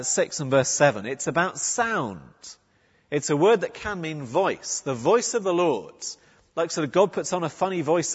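A man's voice: mid-range voice, husky. A man preaching a sermon in a church, conversational and earnest, often restarting his sentences. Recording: muffled, with a long church reverb.

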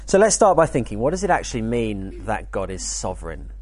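A man teaching at a church weekend, speaking in a conversational, lively way with jokey asides. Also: on the low side, fairly quick. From United Kingdom. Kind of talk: teaching talk.

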